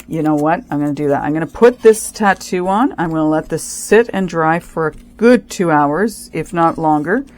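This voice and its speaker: Low-voiced woman chatting through a craft project. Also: darkish tone. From Canada. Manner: chatty, thinks aloud, restarts sentences, careful instructions. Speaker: craft channel host. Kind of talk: casual craft tutorial narration.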